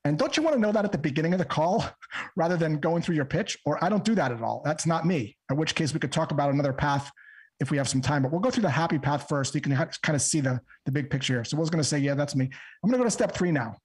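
Man, sales trainer; calm, measured, methodical; slightly higher, husky voice. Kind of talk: explaining and role-playing a cold call. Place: podcast interview recording.

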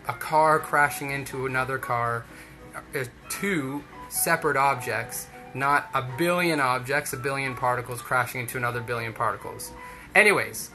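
A man's voice: medium pitch, sharp tone. Chatty young man telling a story. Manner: chatty, rambling, many fillers. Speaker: speaker giving a talk. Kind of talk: casual storytelling talk.

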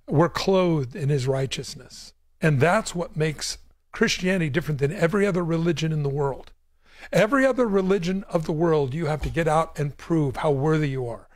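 A man's voice: fairly high pitch, no room sound, clean studio sound. A man hosting a call-in Bible show as a pastor, speaking emphatically and repeating words to drive a point home. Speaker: pastor and radio show host. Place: radio studio.

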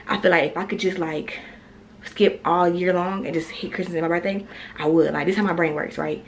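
A woman's voice: lowish voice, darkish tone, a little hiss or hum, poor audio. A young woman, rambling casually about her day at home as she talks straight to her viewers. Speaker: vlogger. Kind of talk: casual day-in-my-life vlog.

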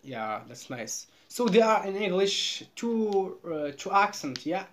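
A Moroccan woman with a Moroccan accent, chatting over a video call in halting English that she repeats as she goes. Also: mid-range voice, big pitch swings. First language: Moroccan Arabic. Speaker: vlogger. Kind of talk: casual video call chat.

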